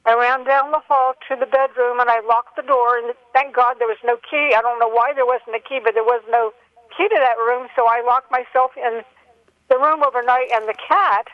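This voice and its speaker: An older woman calling in by telephone, telling a long personal story in an earnest, halting way with many fillers. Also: fairly high pitch, fairly even intonation, no room sound. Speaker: caller. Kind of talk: phone-in call. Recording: dull telephone line.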